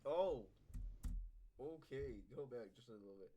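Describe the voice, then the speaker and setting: A man's voice: on the low side, normal speed, muffled recording. A man hosting a reaction video, talking casually, swearing and exclaiming as he watches. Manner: swears and exclaims in bursts, asks viewers questions. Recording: clear background noise.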